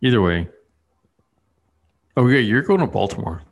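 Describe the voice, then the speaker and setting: A man's voice: lowish voice, big pitch swings, normal speed, creaky, husky. A man in casual chat, rambling with lots of fillers and restarts.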